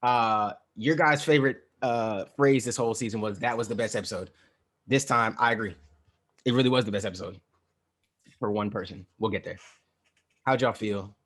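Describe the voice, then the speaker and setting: A young man co-hosting a casual podcast, talking in a relaxed, slangy way with lots of fillers and restarts. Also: fairly low pitch, normal speed. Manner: laid-back, slangy, many fillers and restarts. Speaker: podcast co-host. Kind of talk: casual chat.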